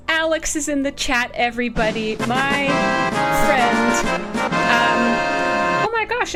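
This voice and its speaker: A woman streamer chatting casually and excitedly, greeting viewers by name. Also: on the high side. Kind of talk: casual live-stream chat.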